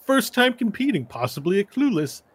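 A man voicing an excited male tournament announcer in a tabletop game, with hyped, sing-song commentary. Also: high voice, moderate pace, slightly rough, voice pushed up, heavily acted.

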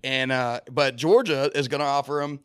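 A man's voice: medium pitch, steady tone, moderate pace, a bit bright, clear, resonant tone, no room sound, studio quality. Man rambling through sports hypotheticals. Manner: rambling hypotheticals, acts out quotes. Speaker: podcast co-host. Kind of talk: casual sports chat.

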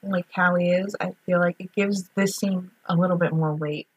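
A woman's voice: fairly low pitch, fairly even intonation, moderate pace, husky, dry recording. A woman co-hosting a podcast, chatting casually about a film rewatch, swearing freely and laughing often. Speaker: podcast co-host.

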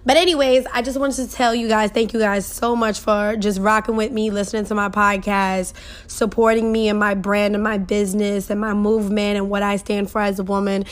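A woman's voice: medium pitch, level tone, a little fast. A young woman hosting a podcast, reading a listener's message aloud and reacting in a casual, emotional, laughing way. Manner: emotional, laughing, colloquial and chatty. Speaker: podcast host.

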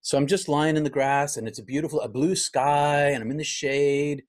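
A man's voice: a little high, steady tone, normal speed. A middle-aged pastor, a guest in an interview, telling a personal story in a reflective way, acting out his own past thoughts and often restarting his sentences.

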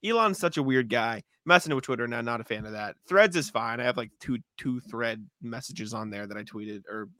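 A man's voice: mid-range voice, animated, a little fast, hardly any pauses, fairly bright tone, dry recording, studio quality. A man co-hosting a sports podcast in casual chat, talking loosely and laughing often. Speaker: podcast co-host.

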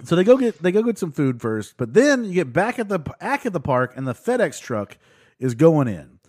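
A man's voice: a little high, very animated, moderate pace, a little mellow, slightly rough. Male co-host, chatty and rambling, voice swings up and down a lot. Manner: rambling retelling, filler-heavy, laughing. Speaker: podcast co-host recapping a show. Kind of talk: casual chat.

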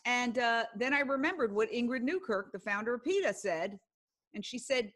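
Higher-voiced older woman, earnest storyteller. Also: lively intonation, normal speed, fairly bright tone. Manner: earnest storyteller, acts out quoted speech. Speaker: guest, broadcast journalist. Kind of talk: casual podcast conversation.

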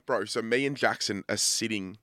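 A young man in his twenties with an Australian accent, co-hosting a podcast and telling a sweary, animated story in casual chat. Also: fairly low pitch, normal speed, dry recording, studio quality. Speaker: podcast co-host.

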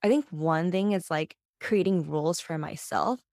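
A woman's voice: fairly low pitch, normal speed, a little mellow, dry recording, clean studio sound. A woman co-hosting a podcast in casual chat, blunt and frank, swearing and using lots of fillers. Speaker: podcast co-host.

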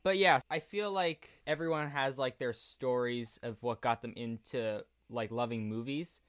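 A man's voice: mid-range voice, a little slow, fairly bright tone, smooth. A man hosting a casual podcast interview, asking questions in a loose, hesitant way. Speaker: host.

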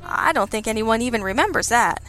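A man's voice: extremely high pitch, expressive, a little fast, pushed and bright, faint music behind, heavily acted. A woman reading a storybook voicing a clumsy, nervous male police sergeant who is eager to please. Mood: fretful. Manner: anxious, fluttery and earnest.

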